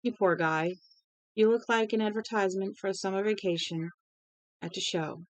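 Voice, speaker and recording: A woman voicing a sinister male drifter who taunts a prisoner in a falsely gentle, soothing way, in a storybook reading. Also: mid-range voice, steady tone, normal speed, dry recording, lightly acted. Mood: mock soothing. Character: sinister drifter man, mock-soothing and cruel.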